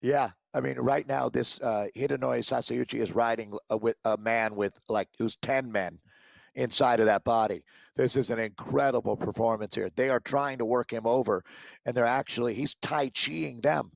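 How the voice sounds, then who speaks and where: A man with a gravelly, fry-edged voice at an ordinary pitch calls a virtual bike race, getting excitable as the finish nears. The sound is dry and close, like a headset mic. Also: normal speed, no echo. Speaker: esports cycling commentator. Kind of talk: play-by-play race commentary.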